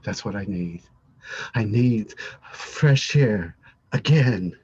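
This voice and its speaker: An actor playing a haunted, reclusive older husband who talks in a halting, stammering, brooding way. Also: male voice, lowish voice, animated, darkish tone, breathy edge, muffled recording, exaggerated voice. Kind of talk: amateur audio drama.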